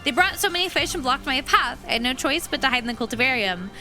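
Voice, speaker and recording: A woman's voice: high voice, lively intonation, quick pace, sharp tone, soft background music, exaggerated voice. A woman reading a timid young villager spirit in a game, nervous and plain. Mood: fearful.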